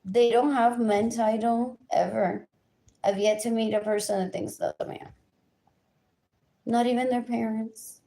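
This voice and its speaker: Fairly high in pitch yet steady in tone, this unhurried, creaky, dark-toned voice belongs to a livestreamer. In her agitated, unscripted rant she repeats herself in chanted lists and switches between English and Spanish mid-sentence.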